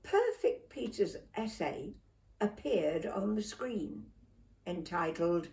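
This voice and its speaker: Slow, expressive older woman reading. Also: medium pitch, creaky, reverberant, distant mic. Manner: expressive, unhurried. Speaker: storybook reader. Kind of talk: children's story reading.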